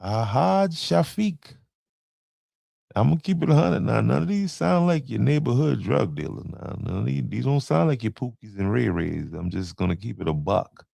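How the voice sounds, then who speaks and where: A man's voice: medium pitch, animated, fairly quick, creaky, few pauses, dark tone, no echo. A man hosting a podcast, talking loosely in slang and stumbling over names as he runs through a list. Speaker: podcast host. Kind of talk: casual commentary.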